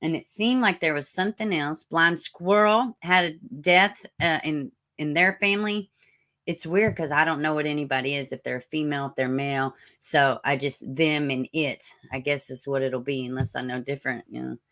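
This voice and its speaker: A woman hosting a live stream with a raspy voice, chatting casually, greeting viewers by name and reading out news. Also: deep voice, steady tone, moderate pace, a bit bright. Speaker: livestream host.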